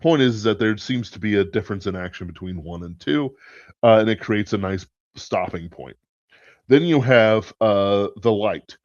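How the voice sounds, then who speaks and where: In a lowish, animated voice with a touch of mellowness, a man rambles casually through his podcast, dropping the occasional swear. He keeps a normal speed, and the recording is dull, lo-fi and dry.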